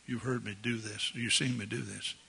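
An older male pastor delivers a folksy, jovial sermon, chuckling as he goes. His voice is sharp and bright yet husky and breathy. He speaks from a church sanctuary. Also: lowish voice, fairly even intonation, normal speed.

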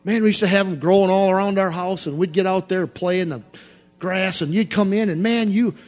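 A man preaching a sermon in a repetitive, emphatic cadence, swinging from quiet confession to shouted outbursts. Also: high voice, brisk, faint music behind.

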